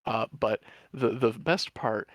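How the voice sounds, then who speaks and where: A man's voice: medium pitch, slow pace, no room sound. A man streaming, chatting casually and telling a long story with lots of fillers and swearing. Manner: laid-back storyteller, many fillers and swearing. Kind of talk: casual chat.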